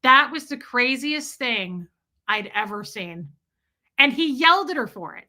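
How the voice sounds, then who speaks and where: Bright-voiced woman ranting on a livestream. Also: on the high side, normal speed. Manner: animated, profane storytelling; talks to chat directly. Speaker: livestream host. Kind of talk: casual livestream rant.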